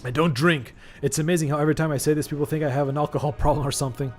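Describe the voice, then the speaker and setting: A man's voice: fairly high pitch, steady tone, very fast, soft background music. A man streaming a video game, chatting casually, swearing and yelping as he fights a boss. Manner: chatty, swears, yelps at hits. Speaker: gaming streamer. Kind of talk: live gameplay commentary.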